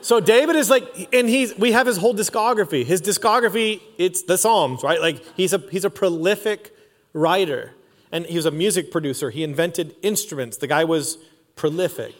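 High-voiced preacher man in a reverberant hall. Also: normal speed. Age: 40s. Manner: casual, slangy storytelling with lots of "like" and "dude". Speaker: pastor. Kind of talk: sermon. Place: church auditorium. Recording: long reverb of a large hall.

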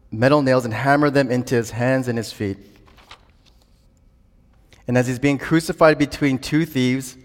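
A man preaching a sermon earnestly, building to emphatic declarations. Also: medium pitch. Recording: long hall reverb.

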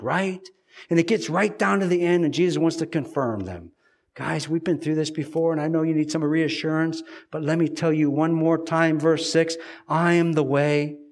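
Man preaching with loud and hushed swings. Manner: swings between loud emphatic stretches and quiet, low, slow passages. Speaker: pastor. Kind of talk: sermon.

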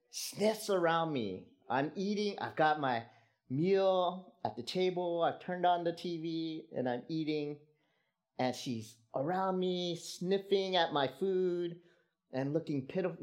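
A pastor giving a conversational, reflective sermon, often asking rhetorical questions and adding "right?" and "um". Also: medium pitch. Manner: frequent "right?" and "um" fillers.

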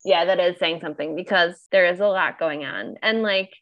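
A woman's voice: lowish voice, moderate pace, muffled recording. A woman co-hosting a casual film-chat podcast, talking loosely with lots of fillers and laughs. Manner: chatty, many fillers, laughs often. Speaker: podcast co-host.

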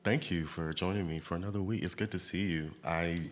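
Deep-voiced man hosting a casual chat. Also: fairly even intonation, fairly quick, a little hiss or hum. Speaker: podcast host.

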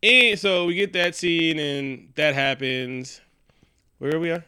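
A man's voice: fairly high pitch, measured pace, sharp tone, smooth, no echo. A man in a loose, profane, joking chat, recapping a movie with a friend.

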